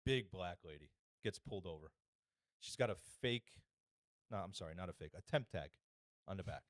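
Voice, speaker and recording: A man's voice: low voice, moderate pace, dry recording, studio quality. A man co-hosting a podcast in a casual chat, telling stories and acting out other people's voices. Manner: animated storyteller, acts out other people's voices. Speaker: podcast co-host.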